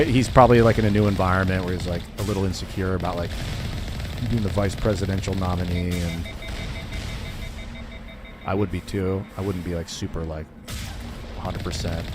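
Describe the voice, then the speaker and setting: A man's voice: low-pitched, very noisy. A young man streaming a video game, chatting casually and rambling with lots of fillers and "like". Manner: rambling, filler-heavy, says "like" a lot. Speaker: gaming streamer.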